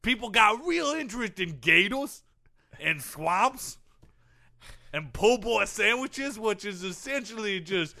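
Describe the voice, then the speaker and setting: A man playing a swamp tour guide in a comedy sketch, with a high, bright voice and a thick put-on Cajun drawl. He rambles with folksy bravado. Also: expressive, slow pace, full character voice. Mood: rambling. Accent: put-on Cajun (Louisiana). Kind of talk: improvised sports-radio comedy bit.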